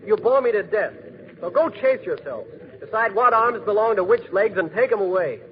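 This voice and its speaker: A man's voice: sits high, animated, moderate pace. An actor playing a fearless, cocky young man who jokes his way through everything, in 1940s radio acting style, with a breezy, slangy manner. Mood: joking. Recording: dull hissy old radio recording.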